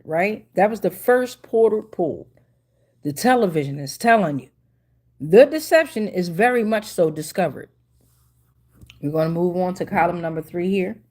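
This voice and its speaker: A woman's voice: lowish voice, darkish tone, echoey room. A woman giving a casual tarot reading to a phone camera, slangy and emphatic, often repeating herself. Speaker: tarot reader.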